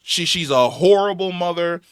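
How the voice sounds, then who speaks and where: A man's voice: sits high, normal speed, clear, resonant tone, dry recording, clean studio sound. A man reviewing a show in a heated, angry rant, swearing and repeating himself for emphasis, his voice wearing out. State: losing his voice.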